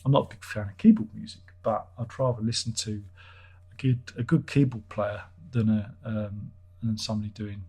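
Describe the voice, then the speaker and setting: A man's voice: on the low side, steady tone, normal speed, mellow, slightly rough. A man hosting a casual livestream, reading out chat comments in a rambling, self-interrupting, wry way.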